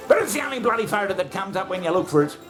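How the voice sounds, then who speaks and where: Crude comic host, self-bantering, heavy swearing, music bed. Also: male voice, high-pitched. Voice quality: crude, swearing, laughing at own jokes. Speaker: comedy show host. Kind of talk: comic monologue, bantering with himself.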